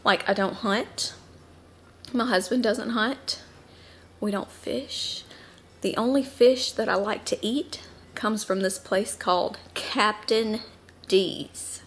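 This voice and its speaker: A woman in her thirties with a Southern US accent talks casually to the camera at home. She rambles easily from one thought to the next, with plenty of ums and side remarks. Her pitch sits in a middling range. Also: slow pace. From Southern United States. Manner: chatty and rambling, with many ums and asides. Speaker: mom vlogger.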